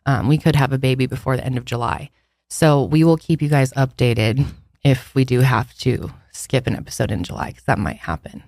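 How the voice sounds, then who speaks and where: A woman's voice: a bass voice, fairly quick, vocal fry, a little mellow, dry recording, clean studio sound. A woman in her thirties co-hosting a podcast in casual chat, short of breath as she talks, chatty and upbeat but tired. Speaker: podcast co-host.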